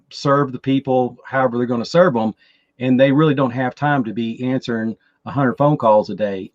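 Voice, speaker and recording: Halting Texan man, slightly dull sound. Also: medium pitch, darkish tone, no echo. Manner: halting, repeats words as he explains. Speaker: podcast guest, chatbot enthusiast. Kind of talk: casual interview talk.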